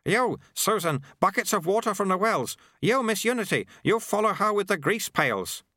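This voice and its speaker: A man voicing a brisk, wry old male sweeper who barks orders. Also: sits high, big pitch swings, bright, forceful tone, dry recording, clean studio sound, pitched above the performer's own voice, full character voice. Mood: commanding wry. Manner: barking orders, sardonic.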